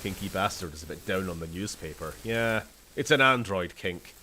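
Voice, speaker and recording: Scottish man hosting a game playthrough, deep and animated, chatty and prone to laughing. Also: moderate pace, a little hiss or hum. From Scotland. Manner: rambling, chatty, laughs often, talks to characters. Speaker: gaming channel host. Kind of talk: casual let's-play commentary.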